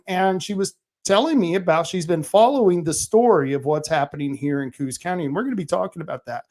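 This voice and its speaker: A man hosting his own podcast, telling stories in a rambling, animated way with plenty of fillers and restarts. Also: fairly high pitch. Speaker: podcast host. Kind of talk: casual monologue.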